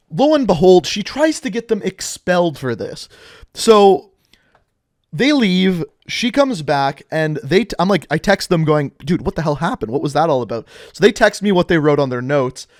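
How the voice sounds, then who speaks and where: A young man tells a rambling high school story straight to camera. His voice sits a little high and the sound is dry and close. He keeps it chatty, full of asides and "like". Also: no echo. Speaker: vlogger. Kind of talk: casual storytime narration.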